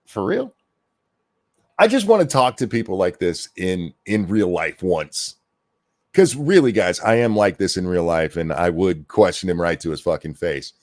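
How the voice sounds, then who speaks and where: A lower-pitched man rants through a reaction commentary, swearing freely and berating his target with sarcasm. His talk is blunt and mocking throughout. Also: expressive, normal speed, darkish tone, no room sound. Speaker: commentary host.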